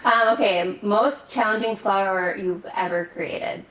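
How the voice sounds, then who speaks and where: A woman with a Minnesotan accent hosts a casual interview podcast, upbeat and firing off quick questions. Her voice sits at an ordinary middle pitch. The room is echoey, and she sounds set back from the microphone. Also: steady tone, fairly bright tone. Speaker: podcast host. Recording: echoey room, distant mic.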